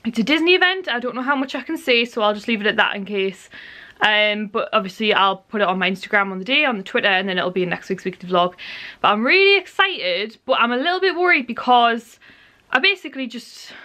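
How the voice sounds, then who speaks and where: A young woman with an English accent chatting excitedly to camera in a rambling vlog style, full of fillers. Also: on the high side. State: out of breath. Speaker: vlogger. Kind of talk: casual vlog chat to camera.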